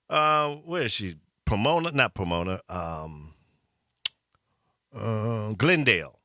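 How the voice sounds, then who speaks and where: A man's voice: lowish voice, big pitch swings, slow pace, sharp tone, dry recording, clean studio sound. A man hosting a radio talk show, telling a story in casual chat and chuckling as he goes.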